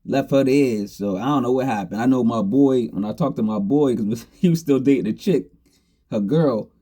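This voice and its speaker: A middle-aged man spins a story in a relaxed, slangy way, often laughing between lines. His voice is mellow and dark, with a husky edge. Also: medium pitch, normal speed. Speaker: storyteller host. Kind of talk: casual storytelling.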